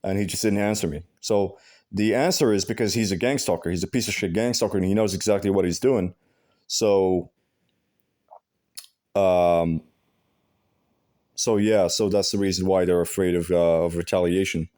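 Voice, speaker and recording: Man, lowish mellow voice, rambling vlog talk, lots of filler and swearing. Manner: halting, with many fillers and restarts; heavy profanity, blunt and aggrieved. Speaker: vlogger. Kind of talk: casual rambling monologue.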